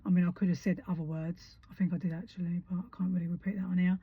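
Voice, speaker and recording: A woman's voice: lowish voice, little pitch movement, quick pace, few pauses, slightly rough, dry recording. A woman in her thirties tells a story bluntly, heated and swearing freely. Her voice sits close and dry, with a slightly dull, lo-fi tone. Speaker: vlogger. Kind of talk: casual storytelling. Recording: dull lo-fi sound.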